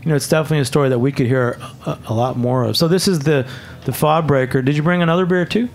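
A man's voice: fairly high pitch, fast talker. A man hosting a casual beer chat, joking with and prodding his guests.

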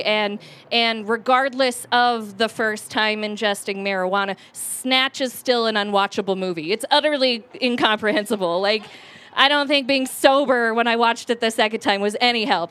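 A woman in her late twenties tells a personal story at a live storytelling event. Her voice sits a little high. She rambles and mocks herself, with plenty of fillers and restarts. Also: fairly bright tone, clear, resonant tone. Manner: rambling and self-mocking, with many fillers and restarts.

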